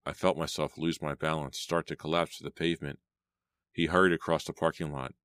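A man narrating an audiobook in a steady, measured reading style. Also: rumbling low, no room sound. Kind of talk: scripted storybook narration.

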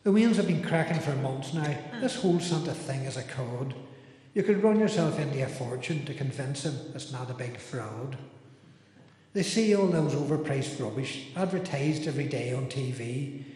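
A man's voice: medium pitch, animated, normal speed, a little mellow, natural voice. A man voicing a harried middle-aged mother, reciting a comic rhyming poem that grumbles about Christmas shopping. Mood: grumbling. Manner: rhyming, complaining, nostalgic recitation. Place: church hall. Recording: roomy hall with music behind.

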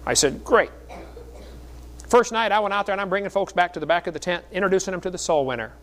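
A man's voice: sits high, lively intonation, racing, fairly bright tone. A middle-aged man preaching a sermon in a folksy storytelling way, with jokes between the stories. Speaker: creationist speaker.

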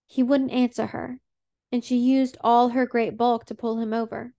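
A woman reads an audiobook in a measured, plain way. Her voice is slightly high with a gravelly texture. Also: flat delivery, warm tone. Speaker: audiobook narrator. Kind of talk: audiobook narration.

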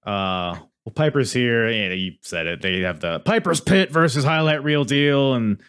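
A man's voice: mid-range voice, lively intonation, measured pace, fairly bright tone, clear, resonant tone. A man co-hosting a podcast, recapping events with dry jokes in a casual chat. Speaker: podcast co-host.

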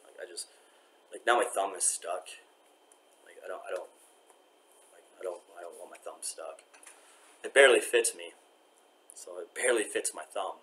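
A man's voice: low voice, normal speed, pauses often, a bit bright. A man talking to his camera while waiting in a courthouse, rambling with many restarts and often trailing off to a mutter. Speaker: vlogger. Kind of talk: rambling vlog monologue.

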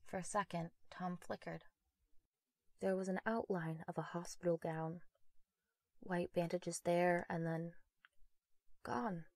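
A woman narrating a horror story in a measured, quiet, intimate way on a close mic. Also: lowish voice, gravelly, no echo.

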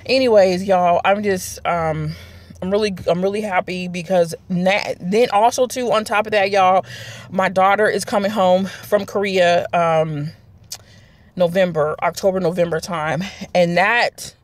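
A woman's voice: fairly low pitch, steady tone, measured pace. A woman, chatting casually to her viewers in a rambling vlog. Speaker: vlogger. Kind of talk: casual chat to camera.

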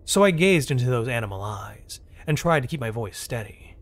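A man narrates a first-person story in a measured, tense manner. His voice sits at a middle pitch but moves freely up and down. This is scripted storytelling. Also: animated.

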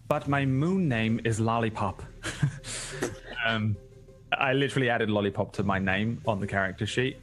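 A man's voice: fairly low pitch, moderate pace, a little hiss or hum. A man chatting as a player in a tabletop game, rambling, swearing casually and laughing often. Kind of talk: casual actual-play chat.

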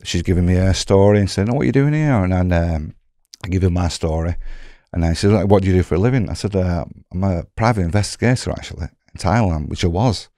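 Deep-voiced Englishman telling a story. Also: fast talker, no echo, studio quality. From England. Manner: animated, acts out dialogue in quoted voices. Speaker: podcast guest telling his story. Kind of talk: casual storytelling.

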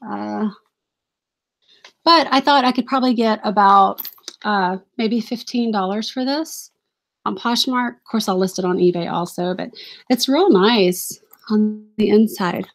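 A woman's voice: mid-range voice, measured pace, vocal fry. A woman in her thirties or forties hosting a casual live stream as a reseller, chatty and apologetic, laughing often and reading out viewer comments. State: briefly out of breath.

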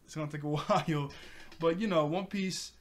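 A man's voice: a little high, normal speed. A man casually recapping an anime episode, retelling character lines with lots of fillers. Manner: animated retelling with quoted character lines and laughs. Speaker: anime reviewer.

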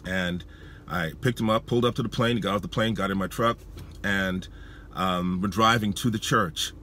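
Emotional low-voiced male preacher telling a story. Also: steady tone, sharp tone, a little hiss or hum. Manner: emotional, halting storytelling with repeated words. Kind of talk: sermon storytelling.

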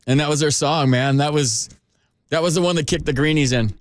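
A man's voice: fairly high pitch, dry recording. Chatty male radio sports host. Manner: loose, chatty, quick restarts. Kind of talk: casual radio chat. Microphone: studio microphone. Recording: studio radio broadcast.

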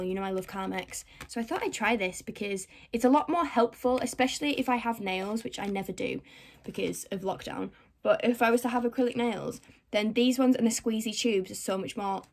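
Chatty young woman showing a haul. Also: mid-range voice. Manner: chatty, rambling, with frequent fillers and soft asides. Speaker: vlogger. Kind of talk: casual haul vlog.

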